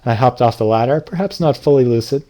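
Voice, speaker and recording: A man's voice: medium pitch, fast, mellow. A middle-aged man who teaches lucid dreaming, casually telling a dream story to an audience and acting out the lines he quotes with a raised voice.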